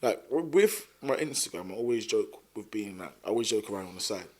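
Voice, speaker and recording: A man with a London accent, chatting casually as a podcast guest and telling stories in an animated way, full of fillers. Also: fairly low pitch, a little fast. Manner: animated storyteller with many fillers. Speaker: podcast guest, content creator. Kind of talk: casual chat.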